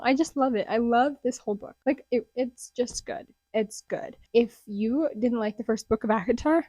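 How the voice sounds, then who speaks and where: A young woman chatting casually about books she read, gushing and dropping into excited whispers. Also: fairly high pitch, no echo. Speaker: booktuber. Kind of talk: casual book review vlog. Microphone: close desk mic.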